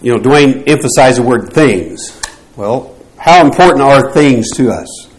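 A man's voice: medium pitch, expressive, measured pace, rough recording. A man teaching a Bible class, posing rhetorical questions to the group and often restarting his phrases.

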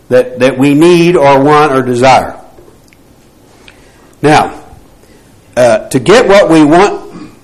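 A man's voice: a little high, rough recording. A man teaching a Bible class, posing rhetorical questions to the group and often restarting his phrases.

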